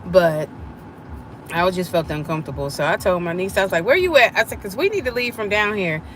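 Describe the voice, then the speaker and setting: A woman's voice: lowish voice, a little fast, slight background noise. A middle-aged woman, chatting with viewers during a live stream and acting out the voices in her story. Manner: animated, acts out quoted voices.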